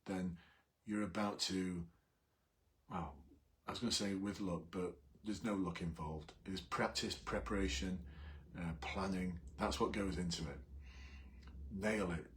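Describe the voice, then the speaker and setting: A middle-aged man, telling a police story in an animated, emphatic way on a live video. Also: deep voice. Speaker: police recruitment coach, former officer.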